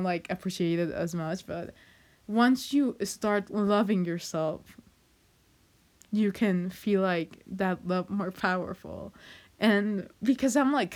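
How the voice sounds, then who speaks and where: Emotional young woman, hesitant and laughing. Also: medium pitch. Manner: emotional, hesitant, with frequent nervous laughs and fillers. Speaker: vlogger. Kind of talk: personal heartfelt monologue.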